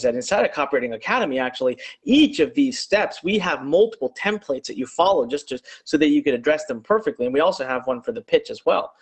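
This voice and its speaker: A man's voice: a little high, slightly rough. A man giving a motivational sales talk, telling a personal story and acting out his own panic. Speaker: marketing speaker.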